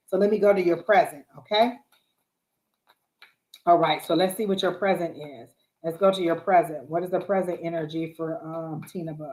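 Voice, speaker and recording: A woman giving a live tarot reading, coaching earnestly with repeated affirmations. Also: lowish voice. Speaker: psychic tarot reader. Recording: roomy echo.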